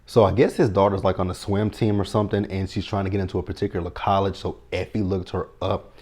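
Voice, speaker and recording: Sassy, profane man, lowish voice. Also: flat delivery, fast talker, a little mellow. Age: 30s. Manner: blunt, profane, sassy retelling. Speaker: TV episode recap host. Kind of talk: casual recap chat.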